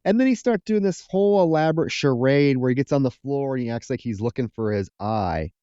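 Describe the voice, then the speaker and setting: Male podcast co-host, smooth dark voice, profane animated recap, slightly dull dry audio. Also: medium pitch, brisk, no room sound. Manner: profane, animated plot retelling with acted quotes. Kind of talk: casual film recap chat.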